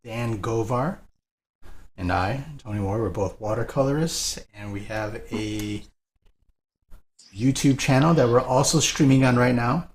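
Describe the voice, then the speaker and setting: A man's voice: medium pitch, a little slow. A man co-hosting a live painting stream, chatting casually, laughing often and greeting viewers by name.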